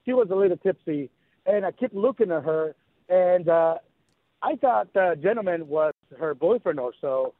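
A man calling in to a radio show, telling his story in an earnest, halting way. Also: high voice, animated, dry recording. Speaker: caller. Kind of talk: phone-in storytelling. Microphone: telephone. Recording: tinny phone line with faint music.

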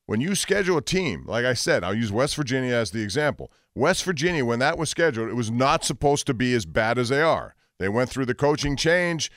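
A man's voice: mid-range voice, fairly bright tone, no room sound, studio quality. A man hosting a call-in sports radio show, blunt and opinionated, pushing back on callers. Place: radio studio.

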